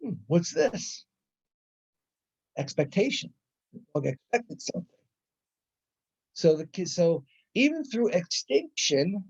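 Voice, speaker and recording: Middle-aged guy lecturing psych class, mellow voice, lots of restarts, muffled lo-fi sound. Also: fairly high pitch. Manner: conversational, restarts a lot, acts out examples. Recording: dull lo-fi lecture recording.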